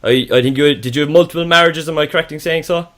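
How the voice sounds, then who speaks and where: Co-host firing quick questions. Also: male voice, a little high, a bit bright. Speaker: podcast co-host. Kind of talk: casual chat.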